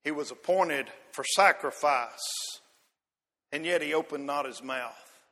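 A man's voice: on the high side, slow pace, pushed and bright. A man preaching a sermon in a rhythmic, repetitive way, calling out listeners by name. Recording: long reverb of a hall.

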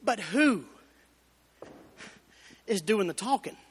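A man preaching a fervent Baptist sermon, building up to shouted exclamations. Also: high-pitched, animated, slow pace, breathy edge. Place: church sanctuary. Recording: reverberant church hall.

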